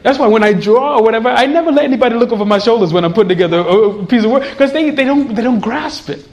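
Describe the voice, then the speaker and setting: A man preaching a sermon in an animated way, laughing often and acting out voices in his examples. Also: extremely high pitch, racing.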